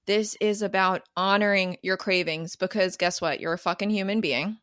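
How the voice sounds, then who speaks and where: A woman's voice: lowish voice, moderate pace, few pauses, fairly bright tone, no room sound, clean studio sound. A woman in her thirties hosting a solo podcast as a coach, talking candidly and emphatically with casual swearing. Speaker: podcast host and cravings coach.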